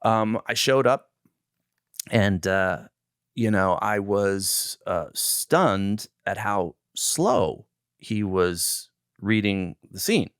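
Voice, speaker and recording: Man in his 60s, lowish voice, dry close mic, animated guest storyteller. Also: extremely slow, clean tone, no room sound. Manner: animated storyteller who acts out quoted lines. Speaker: film director, guest. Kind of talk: interview storytelling.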